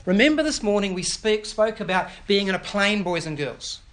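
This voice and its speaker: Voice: mid-range voice, animated, moderate pace, a bit bright. A pastor preaching an earnest sermon that explains scripture and puts questions to the children.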